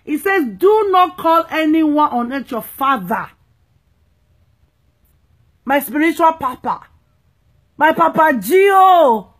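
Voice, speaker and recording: A woman's voice: sits high, lively intonation, slow pace, long pauses. A woman evangelist, preaching emphatically and playfully, often checking that listeners understand. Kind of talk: preaching talk.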